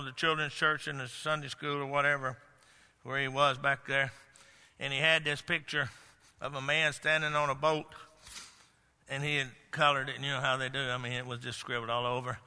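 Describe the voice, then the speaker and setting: A man's voice: a little high, level tone, normal speed, bright, forceful tone, clear, resonant tone. A man preaching a sermon as pastor, emphatic and storytelling. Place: church sanctuary. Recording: long church-hall reverb.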